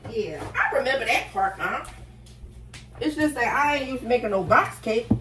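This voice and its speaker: A middle-aged woman with a Philadelphia accent films herself baking in her home kitchen for a casual, chatty vlog, calling her viewers "y'all." She's animated and pokes fun at herself. Her voice sits a little high at a normal pace, with some background noise.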